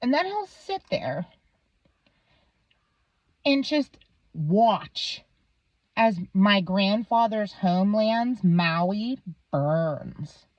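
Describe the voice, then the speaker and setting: Thirties woman vlogger, slow-paced and animated, constantly cursing, dry dull sound. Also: mid-range voice, dry recording. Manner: heated, swears constantly. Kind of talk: profane ranting monologue.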